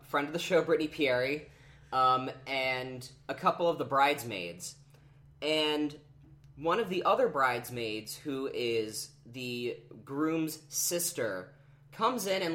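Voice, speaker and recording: A man hosting a podcast, telling a story in casual chat, acting out the quotes with lots of fillers. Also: a little high. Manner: animated, acts out quotes with many fillers. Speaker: podcast host.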